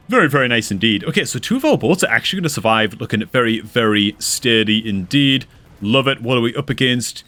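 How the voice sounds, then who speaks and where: A man casting a replay of a strategy video game, excitable and quick to exclaim, often calling his listeners dude and man. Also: mid-range voice, soft background music. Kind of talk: excitable gameplay commentary.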